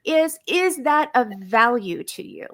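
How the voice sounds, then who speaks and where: A woman with a fairly high voice leads a casual chat about relationships. She coaches her listeners and slips into example lines that a partner might say. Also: sing-song, unhurried, fairly bright tone. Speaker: podcast co-host.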